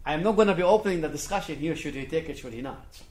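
A man preaching a sermon, dropping to quiet asides and then building to forceful, emphatic passages, often repeating key phrases for stress. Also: fairly high pitch, animated, fast, roomy sound.

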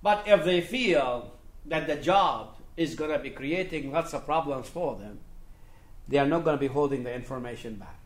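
A man preaching a sermon, dropping to quiet asides and then building to forceful, emphatic passages, often repeating key phrases for stress. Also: on the high side, expressive, normal speed, echoey room.

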